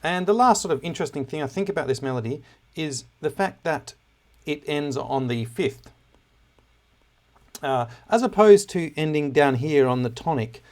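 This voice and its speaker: A man giving a relaxed music lesson, with many filler words and self-deprecating asides. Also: a little high, normal speed. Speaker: music teacher. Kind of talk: casual classroom lesson on music analysis.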